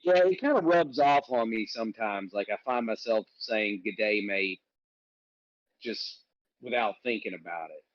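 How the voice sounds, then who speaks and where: A man's voice: on the low side, expressive, unhurried, dry recording, muffled recording. A man from Alabama with a Southern accent, hosting a casual livestream chat and teasing his co-host. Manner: joking, teasing banter.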